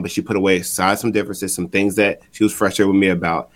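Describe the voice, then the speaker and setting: Earnest low-voiced man sharing testimony. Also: fairly even intonation, fast. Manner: earnest storytelling, repeating phrases for emphasis. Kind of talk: candid personal testimony on a podcast.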